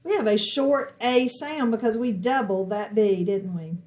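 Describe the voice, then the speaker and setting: Slow, patient woman phonics teacher. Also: fairly high pitch, a little mellow. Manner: slow, patient, asks questions then answers them. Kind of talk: recorded classroom lesson at a whiteboard.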